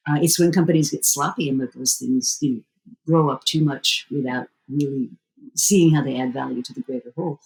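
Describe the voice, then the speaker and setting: A woman being interviewed as a strategy expert, answering fluently and at length, with lively jumps in pitch. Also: low-quality recording. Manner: fluent and explanatory, with sudden lively rises in pitch.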